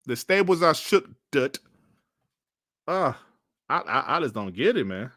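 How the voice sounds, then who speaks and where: A man's voice: medium pitch, sing-song, unhurried, a bit bright, dry recording, clean studio sound. A man giving casual, mocking commentary as a streamer, laughing often and swearing while he reads out and answers comments.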